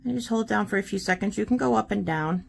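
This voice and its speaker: A woman's voice: mid-range voice, quick pace, creaky, a little hiss or hum. A woman hosting a casual art tutorial, chatting and encouraging while she demonstrates paint pens.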